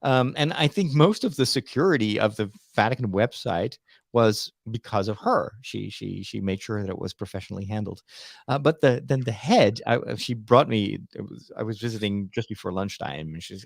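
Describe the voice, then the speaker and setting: Male priest co-host, gravelly, halting chatty delivery with fillers, dry close sound. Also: fairly low pitch, expressive, no echo. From Netherlands. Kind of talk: casual chat about church news.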